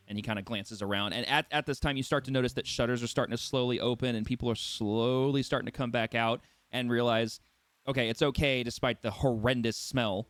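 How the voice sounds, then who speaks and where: A man's voice: medium pitch, fairly even intonation, a bit bright, no echo. A man narrating as game master in a casual, rambling way. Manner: casual, rambling, quick to laugh.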